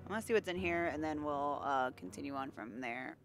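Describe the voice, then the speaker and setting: A woman's voice: low-pitched, a little fast, over music. A woman streamer giving playful, jokey let's-play commentary as she talks to herself. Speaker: game streamer.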